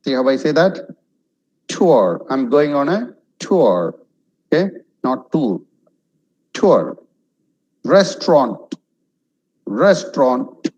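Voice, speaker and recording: A man with a Kerala English accent, slowly drilling word pronunciations one by one in an online class. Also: medium pitch, very animated, darkish tone, highs cut off. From Kerala, India. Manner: slow, deliberate word-by-word drilling, repeating each word. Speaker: pronunciation trainer.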